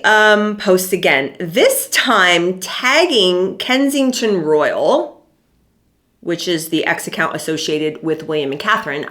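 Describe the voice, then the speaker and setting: A woman's voice: lowish voice, fairly bright tone. A middle-aged woman hosting a casual commentary vlog, talking in a chatty way with dry, sarcastic asides and plenty of fillers.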